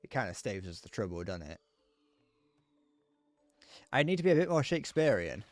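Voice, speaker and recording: A man streaming a game, rambling and joking as he thinks out loud, often restarting his sentences. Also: lowish voice, sing-song, normal speed, dry recording. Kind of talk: casual gameplay commentary.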